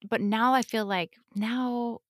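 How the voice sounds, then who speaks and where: A woman's voice: fairly high pitch, fairly even intonation, slow pace, fairly bright tone, no echo, studio quality. A woman chatting casually as a podcast guest, rambling and restarting her sentences. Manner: rambling, self-interrupting, laughs often. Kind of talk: casual chat.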